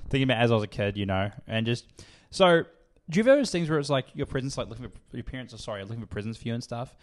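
A man's voice: medium pitch, expressive, very fast. A man, co-hosting a casual podcast and telling a crude story, swearing and laughing as he goes. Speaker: podcast co-host.

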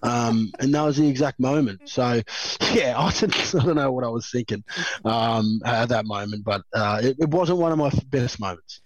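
This former rugby league player from Australia, in his thirties, speaks in a mid-range voice at normal speed. As a guest in a relaxed conversation he wanders through his stories with lots of laughter, fillers, and restarts, recorded dry and slightly dull with no echo.

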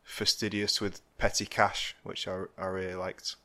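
A man co-hosting a podcast in casual film chat, talking hesitantly with many pauses and trailing phrases. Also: deep voice, completely flat delivery, pushed and bright. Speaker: podcast co-host.

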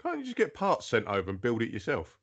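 A man's voice: mid-range voice, wildly swooping pitch, fast talker, a bit bright. A British man in casual podcast chat, chatty and self-mocking, often restarting his sentences. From Britain. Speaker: podcast co-host.

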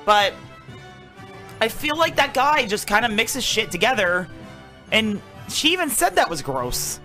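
A woman's voice: on the high side, sing-song, unhurried, sharp tone, soft background music. A woman co-hosting a podcast in blunt, teasing, profane banter. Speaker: podcast co-host. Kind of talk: crude casual banter.

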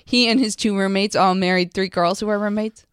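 A woman's voice: mid-range voice, fairly even intonation, brisk, smooth, no room sound, clean studio sound. A woman co-hosting a casual radio chat, teasing and pushing back. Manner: laughs often, teasing pushback. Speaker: co-host.

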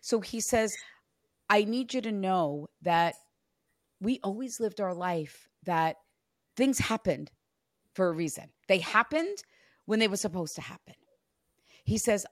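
A woman medium giving a reading in an earnest voice that sinks to a hush when she relays messages. The sound is dry and close, with no room around it, and her pitch sits in a middle range. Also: animated, a little slow, pauses often, no room sound. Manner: earnest, relays messages in soft hushed passages. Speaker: psychic medium. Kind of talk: spirit reading session.

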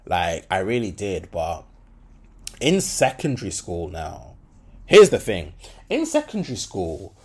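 A man's voice: deep voice, huge pitch swings, unhurried, slightly rough. A young adult man, hosting a solo podcast and talking candidly in slangy speech with many fillers. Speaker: podcast host.

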